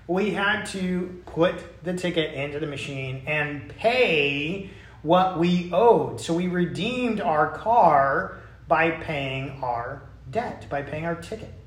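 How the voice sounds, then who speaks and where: A man's voice: a little high, expressive, slow. A man preaching a sermon in a conversational way, with casual asides and restarts. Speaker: pastor. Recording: echoey room.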